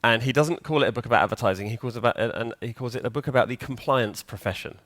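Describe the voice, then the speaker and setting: A man's voice: mid-range voice, fast talker, a bit bright. A man giving a live conference talk in a hall, chatty and joking, quizzing the audience. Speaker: conference speaker.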